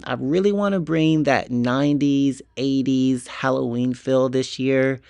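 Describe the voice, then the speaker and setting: Male vlogger, eager rambling collector, gravelly edge, mid-range pitch, in-store walk-through. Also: darkish tone, no room sound. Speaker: Halloween shopping vlogger. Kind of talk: casual walk-through shopping vlog. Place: inside a retail store. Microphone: portable mic while walking.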